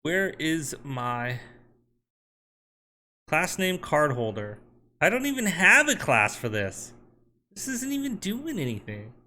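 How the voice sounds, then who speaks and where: Bright-voiced man thinking aloud while coding. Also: a little high, very animated, slow, pauses often. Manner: talks to chat and himself while working. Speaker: software developer streaming his coding.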